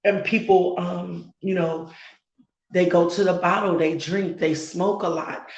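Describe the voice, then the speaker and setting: A woman content creator speaking earnestly and emotionally on a live stream, halting as she talks. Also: fairly low pitch, steady tone, darkish tone, roomy sound, lo-fi sound. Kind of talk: heartfelt live-stream talk.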